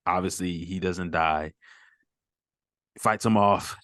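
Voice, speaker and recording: A man hosting a casual movie chat, excitable, laughing often and repeating himself. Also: sits low, takes it slowly, no echo, studio quality. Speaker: podcast host.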